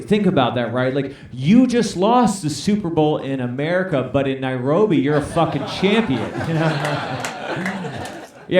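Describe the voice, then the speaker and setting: A man doing a stand-up comedy set on a club stage, playfully bantering with the audience. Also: on the high side. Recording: echoey club, mic at a distance, crowd noise. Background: audience laughter.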